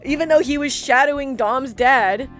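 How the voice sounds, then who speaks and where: A woman co-hosting a podcast in casual chat, blunt and quick to swear. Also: sits high, a bit bright, soft background music. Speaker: podcast co-host.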